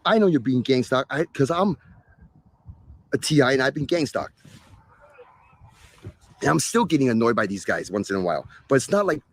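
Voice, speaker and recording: A man's voice: medium pitch, big pitch swings, normal speed, pauses often, slight background noise. A man hosting a live stream, talking casually to viewers in a sarcastic, exasperated rant. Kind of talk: ranting casual talk to viewers.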